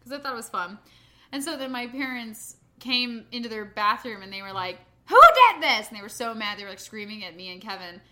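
A woman who works as a nanny, telling stories in casual chat, animated and laughing as she acts out quotes. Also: mid-range voice, fairly quick. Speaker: podcast co-host, nanny.

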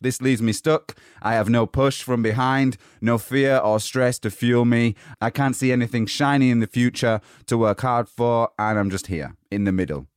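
A man hosting a motivational podcast, giving an upbeat, energetic pep talk while slightly out of breath. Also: mid-range voice, normal speed, hardly any pauses, smooth, no room sound, studio quality. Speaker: podcast host.

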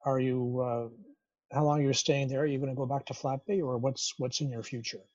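A male interview host asking measured, thoughtful questions. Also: mid-range voice, fairly even intonation, highs cut off.

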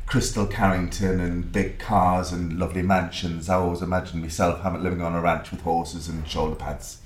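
A man's voice: sits low, flat delivery, normal speed, echoey room, a little hiss or hum. A man from Sunderland with a Mackem accent, chatting casually and murmuring agreement. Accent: Northeast English (Mackem). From Sunderland, England. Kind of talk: casual chat.

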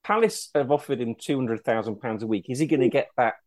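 A man's voice: mid-range voice, lively intonation, fast talker, darkish tone, dry recording, clean studio sound. A man on a football podcast panel, playful and talking through his views. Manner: playful, gives his opinions at length. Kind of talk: casual football chat.

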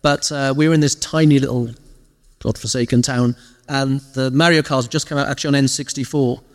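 A man as an interview guest, casually telling animated stories and acting out quoted lines. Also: medium pitch, brisk, big-room sound. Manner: lively storyteller, animated quoted asides. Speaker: interview guest, former games PR director. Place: live event stage.

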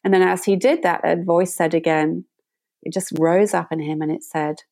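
A woman meditation teacher, a guest in an interview, telling a story in a gentle and reflective way. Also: lowish voice, fairly even intonation, moderate pace.

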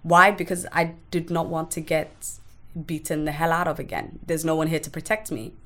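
A woman with a slightly low voice tells her own story as a podcast guest. She speaks frankly and emotionally and swears without holding back. She often halts and restarts mid-sentence. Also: fairly even intonation, sharp tone. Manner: halting, with restarts. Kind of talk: candid personal storytelling.

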